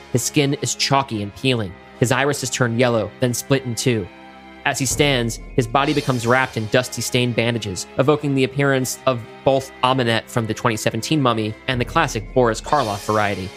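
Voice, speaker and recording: A man's voice: medium pitch, brisk, a bit bright, soft background music. Man narrating a monster story. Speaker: podcast co-host. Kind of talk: script table read narration.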